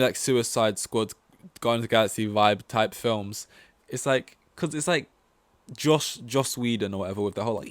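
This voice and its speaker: A man's voice: medium pitch, no echo. A man hosting a solo podcast, rambling casually through opinions with lots of fillers and swearing. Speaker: podcast host.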